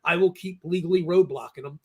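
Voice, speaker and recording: A man's voice: fairly high pitch, a little fast, slightly rough. A man hosting a casual talk discussion, emphatic and insistent, often tagging his points with "okay?" and acting out the people he quotes. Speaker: host.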